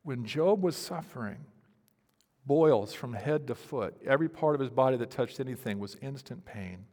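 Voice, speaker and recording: A male pastor delivering a sermon in a medium-pitched voice. He preaches dramatically, swinging from loud pleading to hushed near-whispers. The voice carries a long reverb, as if recorded in a large church hall. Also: lively intonation, normal speed.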